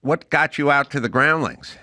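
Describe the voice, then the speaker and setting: A middle-aged man hosting a casual talk show, telling stories in a lively way and acting out the voices of people in them. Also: fairly high pitch, moderate pace, no echo, clean studio sound. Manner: animated storyteller, acts out loud impressions of a yelling teacher. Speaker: podcast host. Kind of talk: casual chat.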